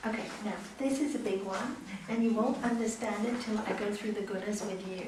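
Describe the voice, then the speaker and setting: A middle-aged woman teaching a yoga class, animated and repeating her key words for emphasis. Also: mid-range voice, fairly quick, noisy background. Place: teaching room. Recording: echoey room, mic far off.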